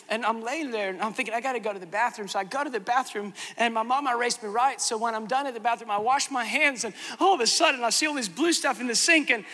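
A man preaching a sermon, telling a comic story about himself in an animated, dramatic, self-mocking way. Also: very high-pitched. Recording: long hall reverb.

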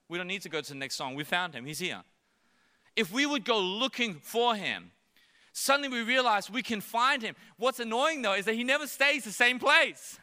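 A man's voice: sits high, bright, forceful tone, clean tone. A man in his thirties preaching a sermon on a church stage, playfully acting out little voices to tell his story. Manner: playful, acts out voices of his child and God. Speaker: pastor. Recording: long hall reverb.

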